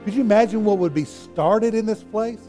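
A man's voice: high voice, moderate pace, dark tone, soft background music. A middle-aged male pastor preaching a sermon, earnest and emphatic, repeating his points.

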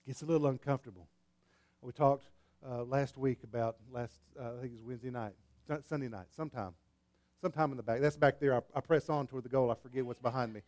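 A man preaching a sermon in a church, animated and repetitive, with sudden swings between quiet and loud. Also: a little high. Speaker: pastor. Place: church hall with congregation.

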